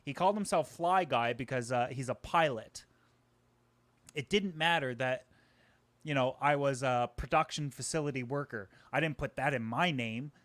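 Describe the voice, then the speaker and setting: A man who is a guest on a live stream, talking from a home microphone in energetic, joking bursts and poking fun at himself. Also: medium pitch, no room sound. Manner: energetic, joking, talks in quick bursts, self-deprecating. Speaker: guest, aquarium YouTuber. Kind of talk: casual live-stream chat. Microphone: home microphone just set up.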